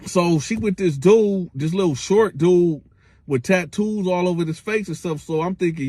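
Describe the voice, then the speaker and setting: A man with a fairly high voice narrates a street story in casual, slangy speech. He acts out the people he quotes and mouths booms and bangs along the way. The sound is close and dry, with no room around it. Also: normal speed, dark tone, dry recording.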